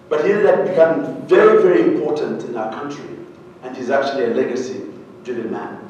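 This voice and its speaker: Ugandan guy telling funny stories onstage, asks the crowd stuff, big echoey hall, soft room hum. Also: on the high side. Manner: animated, humorous, asks the audience questions. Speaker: speaker. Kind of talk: storytelling keynote talk. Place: large hall with an audience. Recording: very echoey hall, heard from a distance.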